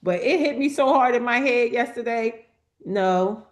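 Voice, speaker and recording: A woman guest on a spiritual group call, speaking earnestly and haltingly, often repeating her words. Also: fairly high pitch. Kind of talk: casual testimony on a group call.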